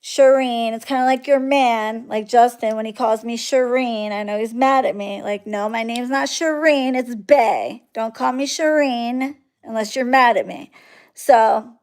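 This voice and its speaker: A woman from Florida, a spiritual practitioner, tells her clients a story in a blunt, profane and animated way. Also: fairly high pitch, measured pace. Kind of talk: casual storytelling monologue.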